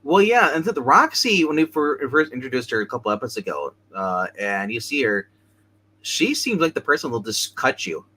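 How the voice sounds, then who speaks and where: Male co-host, bright and forceful voice, rambling episode recap full of restarts. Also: mid-range voice, sing-song, husky, poor audio. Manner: rambling, halting, many restarts. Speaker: show co-host.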